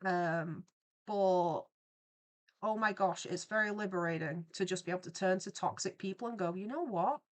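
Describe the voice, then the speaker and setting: A young woman with a lowish voice, fairly even intonation, and a moderate pace hosts a livestream as an artist. She chats casually while drawing, telling rambling stories packed with asides.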